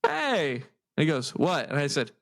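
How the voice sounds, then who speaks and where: A man with a high, lively voice co-hosts a casual podcast. His tone is bright and his delivery animated, and he laughs and swears as he spins stories. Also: normal speed. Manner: storytelling, laughs often, swears. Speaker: podcast co-host. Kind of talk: casual chat.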